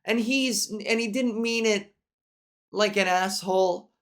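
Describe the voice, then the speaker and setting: A woman hosting a solo podcast, talking frankly with a nasal voice and plenty of swearing, consciously lifting her voice higher and forward as she talks. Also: slow pace. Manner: frank, profane, venting with restarts. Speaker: podcast host. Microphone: camera mic angled up from below.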